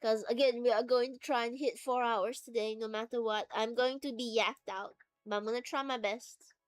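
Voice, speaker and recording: A woman's voice: a little high, steady tone, normal speed, dry recording. A woman streamer chatting casually to her livestream viewers from home, rambling and playful as she drifts between topics. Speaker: VTuber streamer. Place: at home, sitting on the floor.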